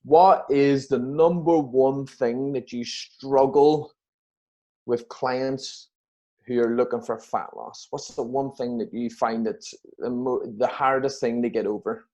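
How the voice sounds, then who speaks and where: Co-host: easygoing bloke, mid-pitched, full of laughs and anecdotes. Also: male voice, fairly even intonation, slow pace, darkish tone, rough recording. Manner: laughs often, easygoing, storytelling. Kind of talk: casual podcast chat.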